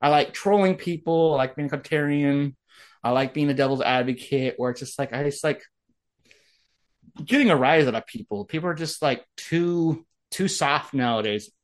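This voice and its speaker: A man's voice: a little high, normal speed. Rambling, crude man nearing forty. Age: late 30s. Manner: rambling, crude, self-deprecating, trails into mock quotes. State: getting over an ear infection. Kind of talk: casual ranting chat.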